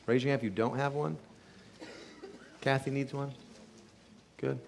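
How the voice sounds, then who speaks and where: A chiropractor with a mid-range, darkish voice earnestly recounts a patient's healing story to a live audience, acting out the quoted speech. He talks a little slowly, with vocal fry and long pauses.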